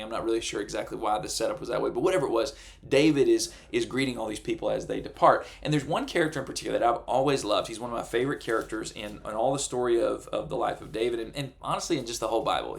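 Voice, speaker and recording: A man preaching a sermon, earnest and animated, sometimes acting out the voices of the people he describes. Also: mid-range voice, gravelly. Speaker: pastor.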